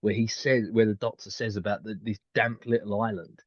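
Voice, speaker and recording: A man's voice: on the low side, flat delivery, fairly quick, dry recording. A man co-hosting a podcast in casual chat, rambling with many restarts and fillers. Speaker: podcast co-host. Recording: dull dry lo-fi mic.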